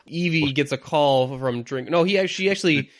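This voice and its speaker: Male podcast co-host, slightly high voice, rambling and halting, easy laugh. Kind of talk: casual chat.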